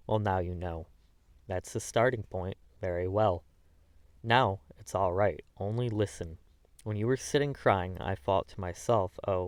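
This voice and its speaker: A man with a low voice reads a classic novel aloud, earnest and emotive, now and then stumbling over a word. The recording is dry and close, with no room sound. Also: a little mellow, dry recording. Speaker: audiobook narrator. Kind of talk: classic novel audiobook reading.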